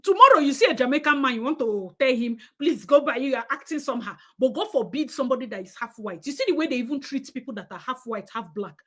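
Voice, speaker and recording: Speaking fast with few pauses, a high-voiced Nigerian woman runs a live stream and addresses her audience directly. Her animated commentary is opinionated and emphatic, and she moves readily into Nigerian Pidgin.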